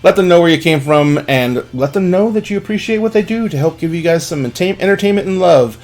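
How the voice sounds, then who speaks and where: A man's voice: fairly high pitch, lively intonation, fast talker, darkish tone. A man hosting a live stream, wrapping up with an upbeat, rambling sign-off full of fillers. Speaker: stream host.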